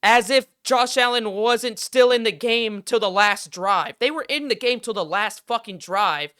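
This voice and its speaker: A man's voice: sits high, unhurried, bright, forceful tone, clear, resonant tone, no room sound, clean studio sound. A young man hosting a sports podcast, ranting heatedly and with plenty of swearing. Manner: heated, profane, exasperated ranting. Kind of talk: casual sports rant.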